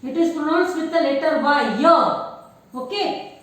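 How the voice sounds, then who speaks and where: A woman's voice: high voice, animated, unhurried. A woman teacher with an Indian English accent, patiently explaining grammar to children and repeating each word to drill it. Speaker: school teacher. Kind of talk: classroom grammar lesson. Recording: echoey room, voice far from mic.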